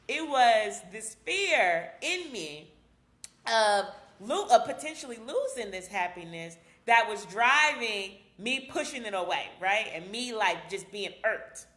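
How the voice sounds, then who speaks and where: A woman psychologist talks straight to her live-stream viewers in a candid, slangy way, often laughing. Her voice is bright and forceful. The sound rings with the echo of a reverberant room. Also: mid-range voice. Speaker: psychologist host.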